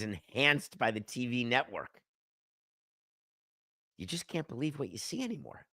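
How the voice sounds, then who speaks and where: A man's voice: mid-range voice, big pitch swings, unhurried, pauses often, sharp tone, dry recording, clean studio sound. A middle-aged man hosting a sports podcast, delivering an emphatic, sardonic opinion monologue and arguing with himself. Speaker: podcast host.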